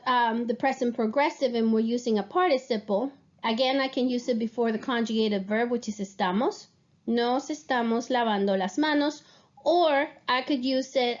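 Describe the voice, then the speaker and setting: Teacher lady explaining grammar slow and patient, kinda high voice, muffled recording. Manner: explains patiently, checks in with students. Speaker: Spanish teacher. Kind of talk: classroom grammar lesson.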